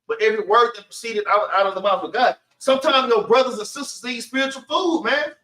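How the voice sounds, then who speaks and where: High, bright-voiced man teaching a Bible class. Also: fast. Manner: emphatic, calls everyone man, urges reading on. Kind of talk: preaching commentary on scripture. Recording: echoey room, far from the mic.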